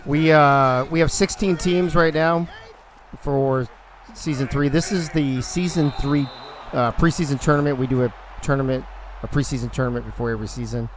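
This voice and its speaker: A man's voice: mid-range voice, steady tone, moderate pace, slight background noise. A man hosting a casual live stream of a video game league, chatty and joking as he thinks aloud. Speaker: league organizer and stream host.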